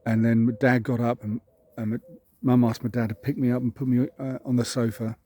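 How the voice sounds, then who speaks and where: Husky, mellow Englishman telling a story. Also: mid-range voice, flat delivery, brisk. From England. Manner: rambling, self-deprecating, chuckling at his own story. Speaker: vlog host. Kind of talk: casual storytelling. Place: outdoors, walking a dog.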